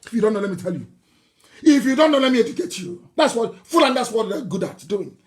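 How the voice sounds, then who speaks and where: Nigerian man delivering a fiery political broadcast; mocking tone, hammering repetition, sudden shouts. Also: extremely high pitch, big pitch swings, fast. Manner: fiery, mocking, scornful laughter, repeats phrases, bursts into shouting. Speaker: political activist leader.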